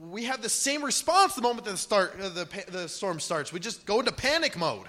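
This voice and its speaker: A man preaching a sermon with animated delivery, sometimes acting out panicked voices. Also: high voice, fairly quick. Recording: long hall reverb.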